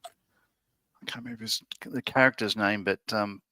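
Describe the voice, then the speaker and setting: A man's voice: fairly low pitch, fairly even intonation, unhurried, bright, forceful tone, no echo. A man co-hosting a casual livestream, chatting about favourite films. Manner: chatty, quotes favourite comedies. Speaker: co-host. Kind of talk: casual chat on a modelling livestream.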